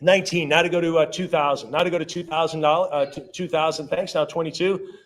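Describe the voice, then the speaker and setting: A man working as an auctioneer at a live sale, rattling off rising bids in quick repeated calls and breaking off for friendly asides about the items. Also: fairly high pitch, steady tone, slight background noise. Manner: rapid repetitive bid calling with chatty asides.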